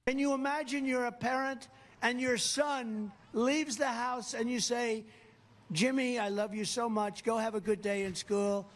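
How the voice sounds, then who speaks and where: A man's voice: very high-pitched, flat delivery, measured pace. A man giving a rally speech, rambling and repeating himself. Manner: rambling, repetitive. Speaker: politician at a rally.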